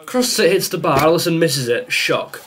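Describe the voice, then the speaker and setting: A man's voice: a little high, animated, moderate pace, fairly bright tone, a little hiss or hum. Exasperated young man ranting at gameplay. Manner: exasperated, sarcastic, ranting at the game. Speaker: gaming YouTuber. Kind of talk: frustrated live gameplay commentary.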